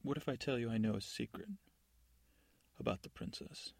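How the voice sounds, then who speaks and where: A man voicing a shrewd, coaxing fairy godmother in a sleep story, asking soft, sly, probing questions. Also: mid-range voice, moderate pace, vocal fry, dry recording. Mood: hushed. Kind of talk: sleep-story narration with character voices.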